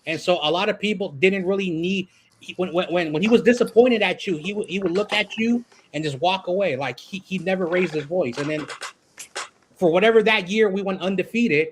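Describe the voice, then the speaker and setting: A man co-hosting a podcast, telling a story in a halting way with many repeated words. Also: high-pitched, slight background noise, rough recording. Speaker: podcast co-host. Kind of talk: casual storytelling.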